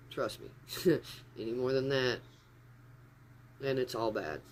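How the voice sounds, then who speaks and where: Streaming live from his phone upstairs at home, a man talks slowly at medium pitch while slight background noise lingers. The chat is casual and rambling, and he drifts off topic easily.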